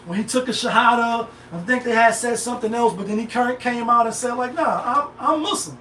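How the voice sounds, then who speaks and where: A man's voice: very high voice, fairly even intonation, brisk, fairly bright tone, distant mic, a little hiss or hum. A middle-aged man hosting a live stream, talking casually in a rambling, slang-heavy way. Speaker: livestream host. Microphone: phone set back from the speaker. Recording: echoey room, voice off-mic.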